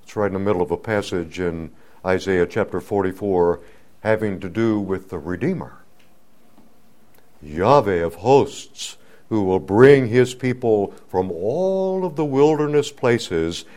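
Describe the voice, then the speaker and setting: A man preaching a sermon, teaching slowly and deliberately, building to emphatic swells on key words. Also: sits low, darkish tone.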